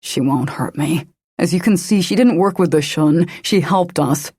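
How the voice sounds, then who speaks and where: A woman's voice: on the low side, normal speed, dark tone, breathy edge, no echo, clean studio sound. Woman voicing a tough, firm female agent.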